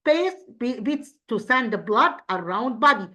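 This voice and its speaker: A woman's voice: fairly high pitch, animated, unhurried, bright, forceful tone. A woman English teacher with an Egyptian accent, going through an exam review step by step and answering her own questions. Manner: explains step by step, asks and answers own questions, frequent restarts.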